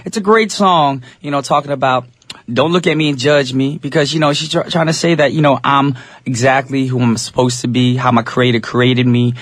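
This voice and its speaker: A man's voice: medium pitch, steady tone, a little fast, no room sound. Easygoing radio DJ man, dry studio sound. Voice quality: a little raspy today. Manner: easygoing, chatty, addresses listeners directly. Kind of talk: English-language radio DJ chat.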